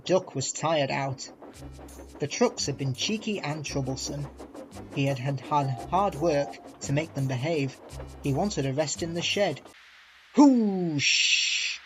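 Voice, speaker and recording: A man narrating a storybook in a slightly raised pitch. He reads steadily and plainly, with faint music under his voice. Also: unhurried. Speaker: storybook reader.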